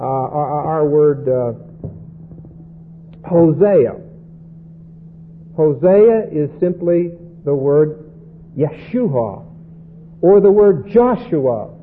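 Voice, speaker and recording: A man teaching a Bible passage verse by verse, deliberate and often checking in with "Okay?". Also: fairly high pitch, expressive. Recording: tinny phone-like band with faint hum.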